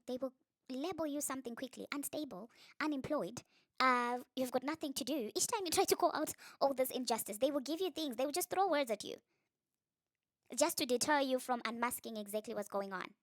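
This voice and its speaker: A woman's voice: no room sound, clean studio sound. A woman giving sarcastic, ranting commentary on celebrity gossip in a reaction vlog. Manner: sarcastic, ranting, mimics others in high mocking voices.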